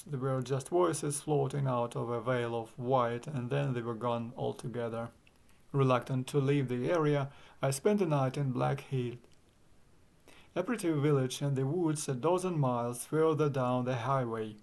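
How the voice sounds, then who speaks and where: A man narrating an audiobook with wry, dry humor. His voice has a gravelly, creaky texture. His delivery is measured and unhurried in a mid-range pitch. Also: a little mellow. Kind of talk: audiobook reading.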